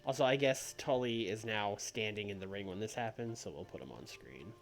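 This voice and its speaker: A man's voice: on the low side, fairly quick, faint music behind. A man streaming a game with casual commentary, making wry, muttered asides and laughing often. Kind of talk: casual let's-play commentary.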